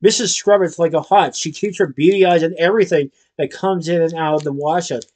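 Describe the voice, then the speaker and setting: A man voicing a wary, practical young girl who speaks quietly and skeptically. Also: fairly high pitch, fairly quick, natural voice. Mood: explaining.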